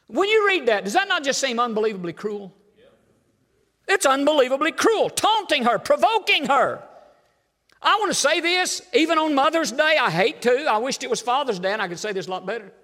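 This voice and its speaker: High-voiced, lively older preacher. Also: male voice, brisk. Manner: emphatic, folksy preaching with sudden drops to low asides. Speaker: pastor. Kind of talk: sermon. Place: church sanctuary. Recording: long hall reverb in church.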